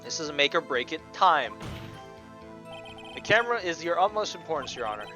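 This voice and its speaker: A man's voice: a little high, sing-song, fairly quick, over music. A man voicing an earnest young male defense attorney who mutters to himself and argues emphatically. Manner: earnest, self-talking, emphatic.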